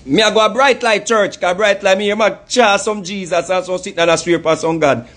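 A Jamaican man rants in a heated, mocking commentary with a very high-pitched voice. He breaks into laughter often and talks in casual patois. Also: fairly even intonation, a little fast, fairly bright tone. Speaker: commentary host.

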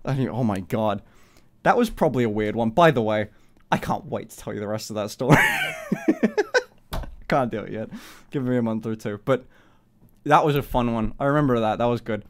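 A man's voice: fairly quick, long pauses. A young man hosting a live stream, chatting in a rambling, giggly way and swearing often. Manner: rambling, swearing, giggly, high-pitched laughs. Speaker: livestream host. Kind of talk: casual live-stream chat.

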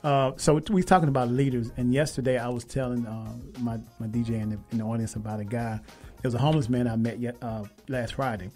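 A man hosting a radio talk show who tells stories quickly and with emphasis, acting out the lines of the people he met. His pitch sits in the middle range for a man. Faint music plays behind him. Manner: animated, emphatic retelling with quoted dialogue. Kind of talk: casual storytelling and interview.

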